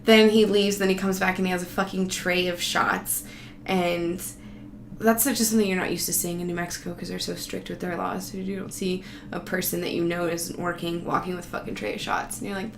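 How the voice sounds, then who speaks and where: A woman telling a casual, rambling travel story, profane and sarcastic. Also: fairly low pitch. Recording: roomy echo, faint background noise.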